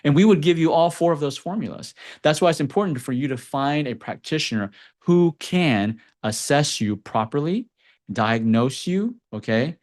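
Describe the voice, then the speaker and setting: A man who runs a clinic, teaching about sleep problems in a lively explainer style. He keeps checking in with his viewers by saying "okay?" and "right?". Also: on the high side, moderate pace. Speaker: acupuncturist and clinic owner. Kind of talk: educational health explainer to camera. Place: Texas clinic.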